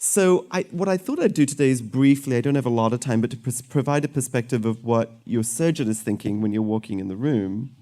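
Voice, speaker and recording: A man's voice: medium pitch, animated, brisk, few pauses, mellow. A middle-aged man from Sri Lanka, a surgeon speaking to an audience in a light-hearted, conversational way with self-deprecating jokes.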